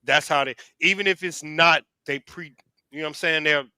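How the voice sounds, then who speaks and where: An assertive man lays out his views in a preachy, casual way. His voice is very bright and sharp, a little high, and smooth, and the recording is dry and close. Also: normal speed, dry recording. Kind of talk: casual opinionated chat.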